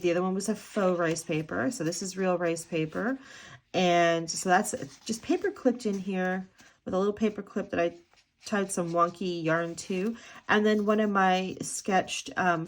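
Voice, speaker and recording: A woman talking casually and chattily as she flips through a handmade art journal, with a sing-song lilt and many ums. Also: lowish voice. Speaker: art journal maker showing her work. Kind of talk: casual flip-through commentary.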